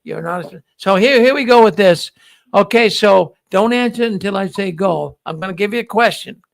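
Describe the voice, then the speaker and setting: High-voiced gravelly man hosting a quiz. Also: fairly quick. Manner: jokey, repeats himself, playful. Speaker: show host running a quiz. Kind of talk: casual live-stream chat.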